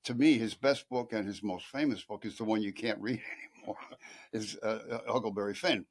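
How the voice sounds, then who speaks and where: A man chatting as a guest on a local TV talk show, halting and restarting as he tells a story. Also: on the low side. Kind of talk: casual chat. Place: local TV studio.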